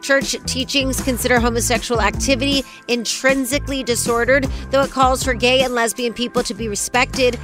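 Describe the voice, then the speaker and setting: A woman's voice: a little high, steady tone, a little fast, few pauses, music in the background. A woman co-hosting a morning talk show, chatting with a bubbly, laughing manner and reading news items. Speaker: radio show co-host.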